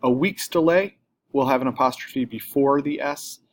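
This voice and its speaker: A man's voice: medium pitch, normal speed. A man teaching a recorded grammar lesson, explaining plainly step by step, with an occasional filler or self-correction.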